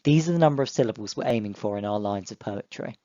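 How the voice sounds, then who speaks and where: A young man, teaching an online lesson to primary school children in a clear, encouraging way. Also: lowish voice, quick pace, mellow, dry recording, lo-fi sound. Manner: clear, encouraging, speaks to pupils directly.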